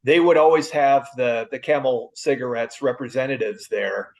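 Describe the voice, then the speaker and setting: A man's voice: medium pitch, moderate pace, vocal fry, low-quality recording. A man hosting a podcast, giving short reactions and chatting casually with his guest. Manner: short reactions, easy laughs. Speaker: podcast host. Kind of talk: casual interview chat.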